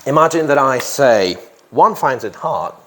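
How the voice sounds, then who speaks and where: A man's voice: medium pitch, expressive, unhurried, noisy background. A man teaching an English grammar lesson to a class, who repeats key phrases and often checks in with "yeah?".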